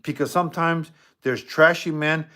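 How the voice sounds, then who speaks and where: A man in a casual spirit-box chat, talking in a streetwise way and scolding with animated asides. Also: fairly high pitch, normal speed. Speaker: paranormal streamer.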